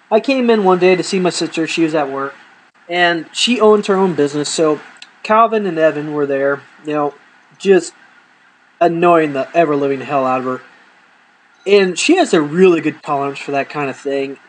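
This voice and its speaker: A man's voice: fairly high pitch, normal speed, a little hiss or hum, rough recording. A man telling rambling, profane comic stories from his life and acting out the dialogue. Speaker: comedy storyteller. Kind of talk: casual comedic storytelling.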